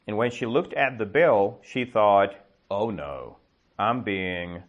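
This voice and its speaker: A man teaching English, telling a story slowly to a class and checking their understanding with quick questions. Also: on the low side, fairly bright tone. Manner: slow, exaggerated storytelling with comprehension checks. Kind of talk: storytelling lesson with questions to learners.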